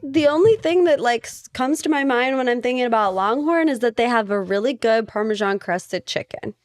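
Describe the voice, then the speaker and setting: A woman co-hosting a casual podcast with her partner, enthusiastic and quick to laugh. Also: a little high. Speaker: podcast co-host. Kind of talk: casual chat.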